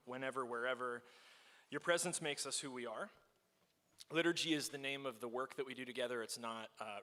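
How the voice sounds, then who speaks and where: Chatty man in his forties, echoing church hall. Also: mid-range voice. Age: 40s. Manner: chatty, self-deprecating, warm asides with many fillers. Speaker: pastor leading liturgy. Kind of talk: casual church service talk. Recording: long echoing hall reverb.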